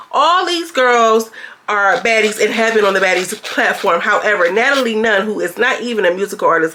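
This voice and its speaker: Chatty woman recapping a show. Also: bright, forceful tone. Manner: chatty, slangy, jumps into high mocking voices when quoting. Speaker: show reviewer. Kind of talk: casual recap chat.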